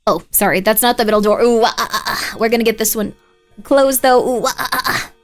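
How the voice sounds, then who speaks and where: A woman livestreams a horror game, keeping up a chatty, playful commentary, scolding her pet and bantering with viewers between moves. Her voice is slightly high and brisk, with faint music in the background.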